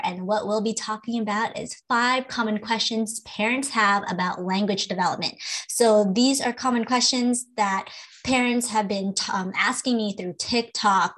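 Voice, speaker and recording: A woman host talking through questions about children's speech in an easy, explanatory way. Her voice sits at an ordinary middle pitch, and she lands her points with plain advice and the odd filler. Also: a bit bright. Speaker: podcast host and speech-language pathologist. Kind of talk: casual podcast chat.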